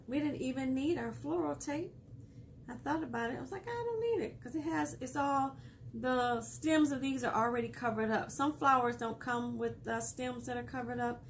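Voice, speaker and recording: A woman's voice: fairly high pitch, slight background noise. A woman hosting a casual craft tutorial, chatty and laughing often as she explains each step while she works. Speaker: craft video host.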